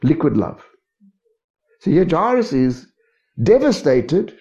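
A man's voice: on the high side, big pitch swings, slow pace, mellow. A man preaching a sermon, who keeps checking in with his congregation. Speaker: pastor. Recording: dull lo-fi recording.

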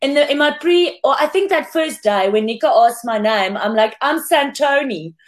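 A woman's voice: a little high, lively intonation, moderate pace. A woman from South Africa, a former contestant chatting casually as a podcast guest over a video call, laughing often and restarting her sentences.

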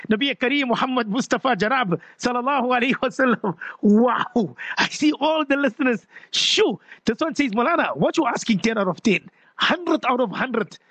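A South African man hosting a radio call-in show, animated, exclaiming as he reads out listener messages at a studio mic. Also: very high voice, no room sound.

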